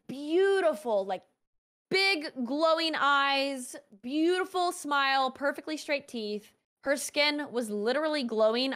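A young woman, a streamer guest on a talk show, telling a story casually and animatedly, saying "like" often. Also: sits high. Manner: animated, heavy use of "like".

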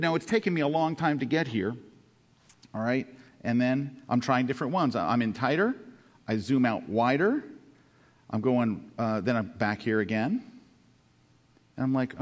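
A man's voice: medium pitch, animated, brisk, pauses often, big-room sound. A man teaching photography by telling a story, acting out his own thoughts with self-mocking humor. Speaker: photography instructor. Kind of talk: storytelling lesson over photo slides.

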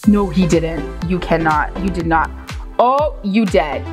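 A woman hosting a reaction video, animated and exclaiming as she comments. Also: fairly low pitch, slow, faint music behind.

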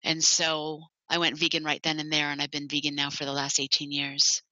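A woman with a deep, forceful voice tells her story in an earnest, heartfelt way. She speaks as the founder of an animal sanctuary in a personal talk. The recording is dry and slightly dull. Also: monotone, fairly quick, dry recording.

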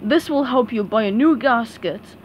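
A menacing ghost pirate captain, as a woman reading aloud puts him on. He booms his lines in a loud pirate manner, a storybook villain rather than a full growl. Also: lively intonation, normal speed, slight background noise, natural voice. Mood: bargaining. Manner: booming pirate talk.

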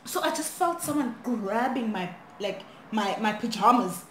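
Young woman, lively storytime vlog, higher voice, echoey room with faint hiss. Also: measured pace. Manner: animated, switching languages mid-sentence. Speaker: vlogger. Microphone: phone camera.

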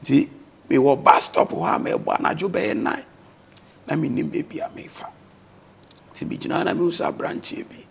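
A man's voice: a little high, brisk, vocal fry, long pauses, slight background noise. A man with a Ghanaian accent, a guest on a talk show, earnestly telling his life story and mixing English words into his speech.

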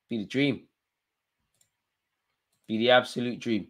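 A man hosting a live football watchalong, reacting loudly to the match with slangy banter and urging players on. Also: mid-range voice, a little fast. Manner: excitable, shouts at players, slangy.

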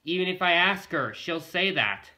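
A male vlogger with a high voice talks straight to his viewers in a loose, rambling way. He circles back over the same points again and again. His tone is strikingly bright and sharp. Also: lively intonation, moderate pace. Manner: rambling and repetitive, often addressing the viewers. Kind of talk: casual talk to camera.

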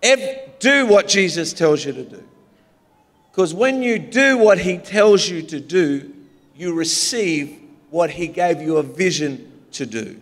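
A man's voice: fairly high pitch, lively intonation, slow. A man with an Australian accent, a pastor preaching a humorous, story-filled sermon in a large church. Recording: long hall reverb.

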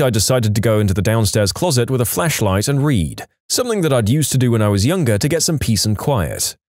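A man narrating scripted spooky anecdotes in an animated storytelling manner. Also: no room sound, clean studio sound. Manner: animated storytelling with lively pitch swings.

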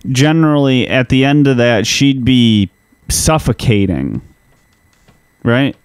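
A man's voice: mid-range voice, expressive, slow pace, smooth, dry recording. A man co-hosting a podcast in casual comedic chat, telling the story in a laid-back way and swearing casually. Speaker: podcast co-host.

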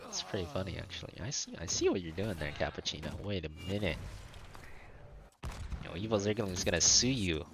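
A man's voice: sits low, sing-song, a little fast, noisy background. A man casually commenting while playing a game, joking with his chat. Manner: laid-back, joking, talks to chat. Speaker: streamer.

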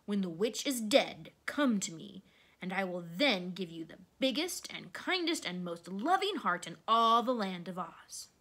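A woman voicing a huge male beast-wizard who speaks slowly in a booming roar. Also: big pitch swings, bright, forceful tone, heavily acted. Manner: slow, booming, roaring.

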